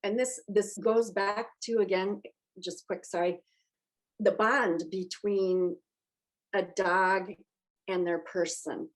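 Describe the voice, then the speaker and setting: A woman's voice: medium pitch, steady tone, slow pace, poor audio. A woman joining a casual movie podcast chat, speaking earnestly and reflectively.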